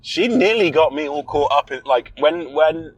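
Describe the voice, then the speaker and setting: A man's voice: fairly high pitch, expressive, normal speed, low-quality recording. A man co-hosting a podcast, chatting casually about a film he has seen. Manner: chatty, swears when startled. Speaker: podcast co-host. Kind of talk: casual film review chat. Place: inside a car.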